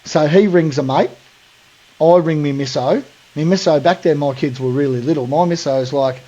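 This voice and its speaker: A man's voice: a little high, moderate pace, mellow, lo-fi sound. An Australian man hosting a podcast, telling a long story in a rambling, slangy way full of fillers. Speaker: podcast host. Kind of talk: casual storytelling.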